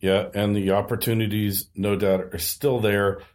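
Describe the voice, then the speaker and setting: A middle-aged man with a fairly low voice agrees and adds his own thoughts. He speaks in a measured, easygoing way, as in a casual chat. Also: level tone, darkish tone.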